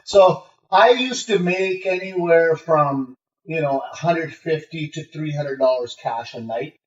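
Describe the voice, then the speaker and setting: At a measured pace and with a higher-leaning voice, a man tells animated, brash stories packed with swearing as a guest in a relaxed interview, doing the voices of people he met along the way. The call is muffled, roomy and distant.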